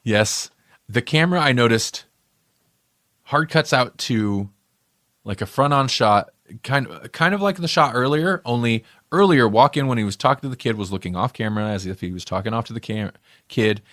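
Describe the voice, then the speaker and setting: A medium-pitched man with a somewhat bright tone discusses a movie on a podcast at a moderate pace, rambling and fixing what he says as he goes. The recording is dry and studio-clean.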